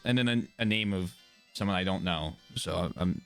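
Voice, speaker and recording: A man's voice: deep voice, normal speed, creaky. A man streaming a game, chatting offhand, muttering to himself and swearing now and then. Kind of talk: casual gameplay commentary. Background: game music.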